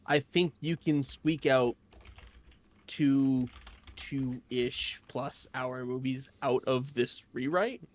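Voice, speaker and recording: A man co-hosting a casual movie discussion, thinking aloud in a measured, agreeable way. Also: mid-range voice. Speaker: co-host of a movie discussion show.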